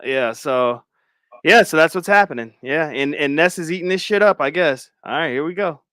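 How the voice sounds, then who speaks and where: A man's voice: a little high, normal speed, dry recording, studio quality. A man hosting a casual podcast, commenting with lots of slang and frequent laughter. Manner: animated, slangy, laughs often. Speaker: podcast host.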